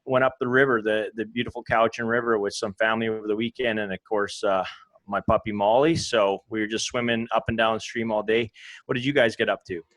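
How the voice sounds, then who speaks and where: A man's voice: lowish voice, dry recording, rough recording. A man co-hosting a rugby podcast, chatting easily with a few hesitant restarts. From Canada. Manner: easygoing, warm chat with hesitant restarts. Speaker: podcast co-host and rugby coach. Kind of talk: casual podcast chat.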